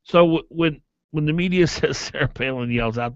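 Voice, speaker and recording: A man hosts a morning talk radio show, pressing his opinions with emphatic energy. His voice sits at a middle pitch. The sound is dry and muffled, like an AM radio broadcast. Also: normal speed, no room sound. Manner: emphatic, animated, argumentative. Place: radio studio.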